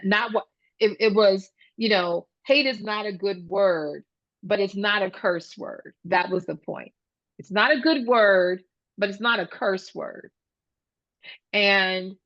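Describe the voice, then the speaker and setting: A woman gives a talk at a professional event and tells classroom stories, acting out the children's voices with animation. Her voice sits at a middle pitch. The recording sounds dull and dry, with no room echo. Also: a bit bright. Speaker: guest speaker, speech-language pathologist. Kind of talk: conference talk.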